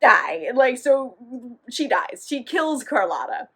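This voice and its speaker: A woman with a high, bright voice who recaps a novel casually. She swears freely, laughs often and keeps her delivery animated. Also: measured pace, slightly rough. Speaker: book reviewer. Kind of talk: casual book recap vlog.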